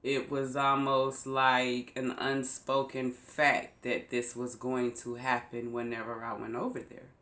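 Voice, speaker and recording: A woman vlogger telling a personal story to her viewers, slow and emphatic, repeating phrases for weight. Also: extremely low pitch, level tone, fairly bright tone, reverberant. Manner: slow, repetitive, emphatic retelling. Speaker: YouTube vlogger.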